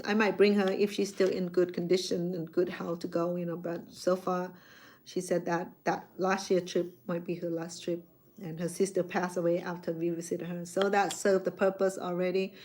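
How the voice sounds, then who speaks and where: A woman's voice: medium pitch, a little mellow. Middle-aged woman rambling casually. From Cambodia. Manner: rambling, repeats words and restarts, non-native grammar. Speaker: chef. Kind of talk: casual personal storytelling.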